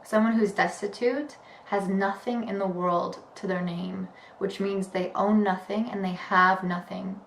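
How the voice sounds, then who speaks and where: A woman's voice: mid-range voice, steady tone, measured pace, vocal fry, hardly any pauses. Female English tutor, patient explainer who stretches key words, recorded in an echoey room. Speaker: English teacher. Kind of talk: vocabulary lesson. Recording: echoey room with faint background noise.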